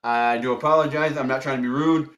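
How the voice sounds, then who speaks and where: A man's voice: medium pitch, fairly even intonation, quick pace, a bit bright. A man hosting a tarot livestream, chatting casually with viewers and repeating firm, polite instructions to his chat. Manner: polite but strict.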